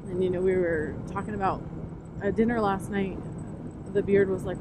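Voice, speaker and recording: Lady motovlogger chatting while she rides, excitable and all over the place, loud road and wind noise behind. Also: mid-range voice, a little fast. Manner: excitable, rambling, easily distracted. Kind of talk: casual motovlog while riding. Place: outdoors on a motorcycle. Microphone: helmet-mounted camera mic. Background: road and vehicle noise.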